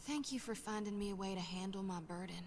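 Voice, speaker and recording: A woman's voice: medium pitch, brisk, a little mellow, a little hiss or hum, lightly acted. An actress voicing a brash, folksy young woman soul-reaper in a fantasy game, emphatic and colloquial. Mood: resolved. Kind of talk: game voice acting.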